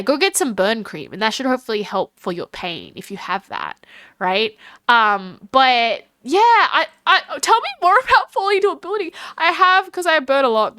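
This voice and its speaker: An Australian woman livestreaming and chatting casually with her viewers, rambling and giggly, talking fast with lots of fillers. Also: on the high side, pushed and bright, clean tone, dry recording. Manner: chatty and giggly, talks to chat and calls herself by name.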